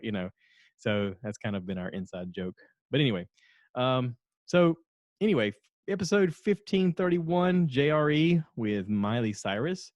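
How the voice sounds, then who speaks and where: A man's voice: fairly low pitch, moderate pace, darkish tone, no echo, dull audio. A middle-aged man hosting a solo podcast, chatting casually in a rambling, self-deprecating way. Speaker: podcast host.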